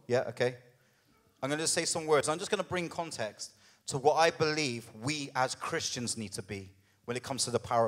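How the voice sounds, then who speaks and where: A man with a mid-range voice preaches a sermon as lead pastor, animated and conversational, frequently checking in with the congregation.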